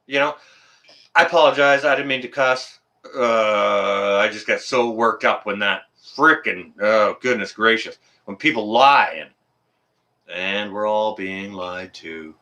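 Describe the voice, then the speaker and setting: Man, livestream host, heated rant, forceful bright tone. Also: medium pitch, expressive, a little slow. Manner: fired-up, swears then apologizes.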